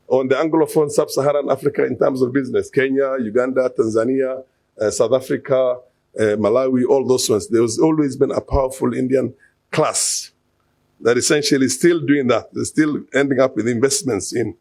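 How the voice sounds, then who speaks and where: A man's voice: mid-range voice, vocal fry, a little mellow, dry recording. A man giving unscripted political commentary, explaining and listing examples, with frequent fillers and restarts. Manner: hesitant, many fillers and restarts; explanatory, lists figures and examples.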